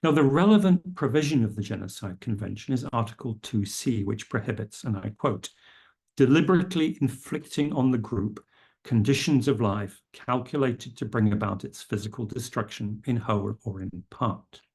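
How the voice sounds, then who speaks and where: A middle-aged man giving a formal lecture, measured and careful, quoting legal texts precisely. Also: mid-range voice, a little mellow, slightly rough. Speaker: speaker at a public health lecture. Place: lecture room.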